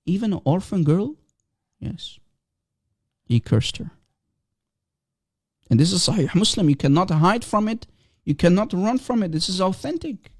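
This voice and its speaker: A man's voice: high-pitched, expressive, a little slow, long pauses. A man hosting a livestream, delivering a combative monologue full of mocking, taunting rhetorical questions. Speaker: livestream host.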